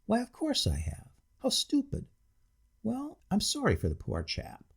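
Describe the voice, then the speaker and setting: A man reads as a tipsy, pompous middle-aged gentleman in a storybook, overly polite and slow with drink. The voice is gravelly and husky, and it swoops widely up and down. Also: high-pitched, wildly swooping pitch, voice pushed up, exaggerated voice. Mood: ponderous sympathy. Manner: overly civil, ponderous, slightly drunk.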